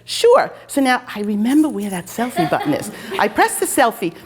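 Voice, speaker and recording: A woman hosts a show and spins casual anecdotes in a chatty, self-deprecating way. Her voice sits a little higher than most women's. She talks with animated ease, like someone who loves to chat with strangers. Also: fairly quick, background noise. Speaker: host; fencing coach.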